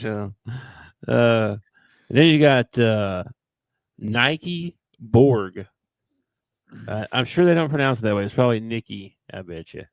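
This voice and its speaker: A man's voice: lowish voice, no echo. A man co-hosting a sports podcast, talking in an easygoing, chuckling casual way. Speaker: podcast co-host. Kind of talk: casual chat.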